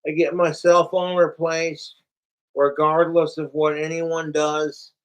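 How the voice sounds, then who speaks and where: A man's voice: fairly high pitch, little pitch movement, takes it slowly, low-quality recording. A middle-aged man ranting in a rambling, profane casual vlog, venting to his viewers. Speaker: vlogger. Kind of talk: rambling casual rant to camera.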